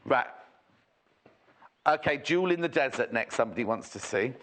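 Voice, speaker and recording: A man's voice: mid-range voice, animated, normal speed, a bit bright. A man presenting a TV shopping show in a chatty, rambling, jokey way, full of asides. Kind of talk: chatty live sales presentation.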